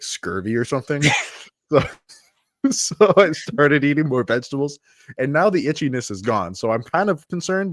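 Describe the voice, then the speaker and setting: A man's voice: mid-range voice, no room sound, studio quality. A man co-hosting a live podcast as a coach, telling stories in a chatty way and laughing at himself. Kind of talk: casual live podcast chat.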